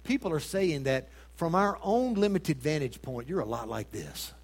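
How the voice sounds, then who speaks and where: A man preaching a sermon, asking his congregation rhetorical questions and swinging between loud emphasis and hushed tones. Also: fairly high pitch, lively intonation, normal speed.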